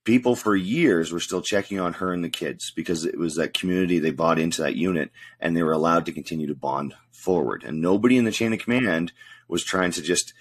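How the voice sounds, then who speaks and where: Man with a very deep dry voice. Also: fairly quick, breathy edge. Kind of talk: casual conversation.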